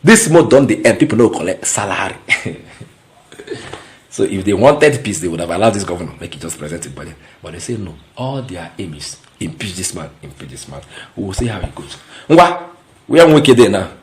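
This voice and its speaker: A man from Nigeria speaking with a Nigerian Pidgin accent, giving an excitable, mocking commentary vlog. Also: deep voice, a little fast, slight background noise. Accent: Nigerian Pidgin English. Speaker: vlogger.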